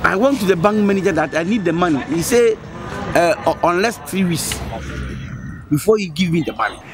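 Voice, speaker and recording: An actor playing an anxious school worker who speaks haltingly. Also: male voice, sits high, expressive.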